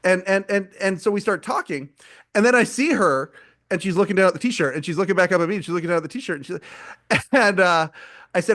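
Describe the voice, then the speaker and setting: A man hosting a podcast in casual chat, telling stories with animation and stumbling over repeated words when excited. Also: high voice, fast talker. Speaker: podcast host.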